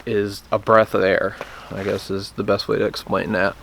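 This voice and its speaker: A man's voice: lowish voice, little pitch movement, normal speed, vocal fry, a bit bright, a little hiss or hum. A man casually teaching a hands-on technique, plainspoken and hesitant, often restarting his sentences. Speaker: turkey call instructor. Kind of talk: casual how-to demonstration.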